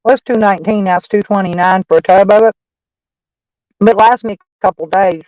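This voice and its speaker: A woman's voice: mid-range voice, brisk, darkish tone, no echo, rough recording. Rambling Texan woman live-streaming. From Texas. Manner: rambling, profane, folksy. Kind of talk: casual live-stream chat.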